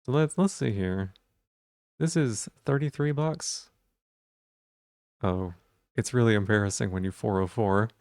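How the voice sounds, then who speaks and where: A man's voice: fairly low pitch, unhurried, long pauses, darkish tone, no echo, clean studio sound. A man streaming live, chatting casually and playfully while he repeats silly puns and rambles.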